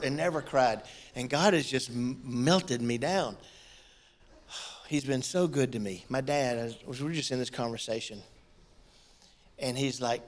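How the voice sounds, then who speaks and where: A middle-aged male pastor preaching a sermon in a church, swinging between loud outbursts and quiet, emotional asides. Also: mid-range voice, measured pace, pauses often, slight background noise.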